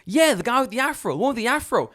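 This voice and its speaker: A man voicing an excited, chatty little girl who shouts loud, repetitive chirps. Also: very high voice, very fast, pitched above the performer's own voice, full character voice.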